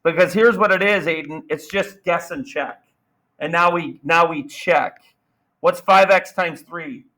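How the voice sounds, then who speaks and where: A man teaching a math class, energetic and playful, firing questions at students. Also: fairly high pitch, measured pace, low-quality recording. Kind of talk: classroom lesson.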